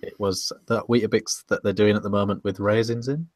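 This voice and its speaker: A man's voice: lowish voice, flat delivery, a little fast, dry recording. Hesitant British man, dry close sound. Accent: British English. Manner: hesitant, repeats words and laughs often. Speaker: podcast co-host. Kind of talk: casual chat.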